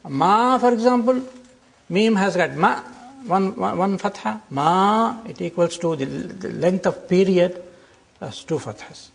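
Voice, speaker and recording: An older man teaching a classroom lecture, explaining slowly and deliberately and drawing out example words. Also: high-pitched, creaky.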